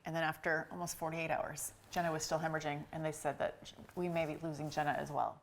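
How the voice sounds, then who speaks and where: A woman with a slightly low voice tells her family's story in an interview. She talks conversationally and slips into the voices of the people she quotes. Faint background noise sits under her words. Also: little pitch movement, fast talker. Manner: conversational, acting out quoted dialogue. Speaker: company co-founder interviewed with her husband. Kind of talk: emotional personal storytelling.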